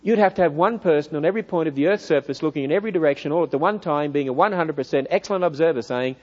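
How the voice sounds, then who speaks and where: Australian man preaching, fairly high voice, lively questioning, muffled church hall recording. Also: racing. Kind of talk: church lecture.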